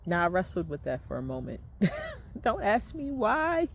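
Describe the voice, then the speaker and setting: A woman's voice: medium pitch, wildly swooping pitch, measured pace. A woman telling a personal faith testimony in an earnest, prayerful way, repeating phrases for emphasis. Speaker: vlogger sharing a personal testimony.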